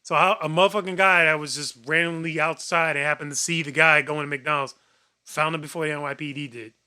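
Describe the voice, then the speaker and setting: A man co-hosting a podcast retells a story in a loose, rambling way, padding it with fillers and swearing. His voice has a sharp, bright edge and sits a little high for a man. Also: steady tone, a little fast, clean tone. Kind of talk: casual podcast chat.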